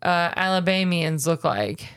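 A woman's voice: on the low side, expressive, unhurried, a bit bright, smooth. A woman co-hosting a podcast, chatting casually in a giggly, teasing way. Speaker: podcast co-host. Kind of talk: casual chat.

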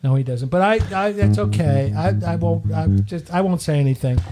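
A man's voice: fairly high pitch, lively intonation, normal speed, loud music behind the voice. A man co-hosting a casual chat, who keeps laughing as he tells a funny story. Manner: laughs often while telling a story.

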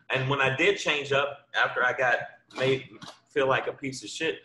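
A man's voice: mid-range voice, fairly even intonation, normal speed, bright, forceful tone, slight background noise. A man from New York, a guest comedian, telling blunt, profane stories in casual chat. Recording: echoey room.

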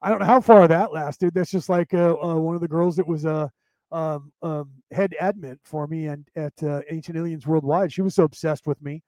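A man's voice: fairly high pitch, fairly even intonation, moderate pace, mellow, no room sound, low-quality recording. A middle-aged man hosting a podcast, telling a personal story in a rambling, profane way with many restarts. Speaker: podcast host. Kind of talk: casual storytelling monologue.

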